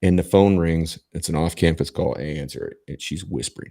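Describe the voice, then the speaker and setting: This is a middle-aged man with a very deep, gravelly voice that has a husky edge. He hosts a casual podcast and tells stories emphatically, swearing freely and often stumbling and restarting his sentences. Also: a little fast, dark tone. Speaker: podcast host. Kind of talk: casual profane storytelling.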